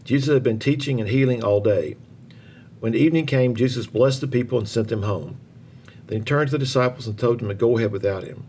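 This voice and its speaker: A man reading a children's Bible story aloud in an expressive, lively way. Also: medium pitch, brisk, a little hiss or hum.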